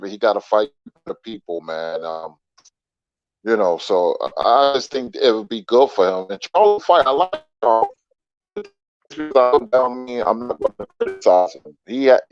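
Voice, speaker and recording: A man's voice: medium pitch, dry recording. A man who is a guest on a boxing livestream, giving his boxing opinions in a plain, direct way over a glitchy connection. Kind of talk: casual call-in boxing talk. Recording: dull, glitchy call audio with faint music.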